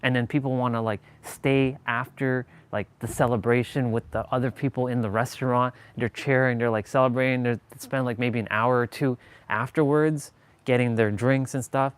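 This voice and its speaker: This Southern Californian livestream host has a medium-pitched, clear, resonant voice, a steady tone and a moderate pace. His casual chat wanders, packed with filler words and offhand cursing. He talks from indoors, away from the city he describes.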